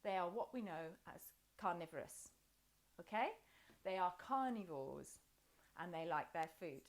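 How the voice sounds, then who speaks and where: A woman's voice: lowish voice, expressive, measured pace. A woman guiding a children's yoga and movement class, encouraging and playful as she talks the class through each pose. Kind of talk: guided class instruction.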